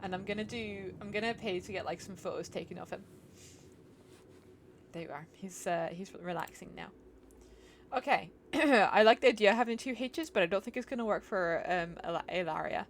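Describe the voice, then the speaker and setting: A woman's voice: medium pitch, normal speed, slight background noise. A chatty, giggly woman, musing aloud as she streams herself playing a game. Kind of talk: casual live-stream chat while gaming.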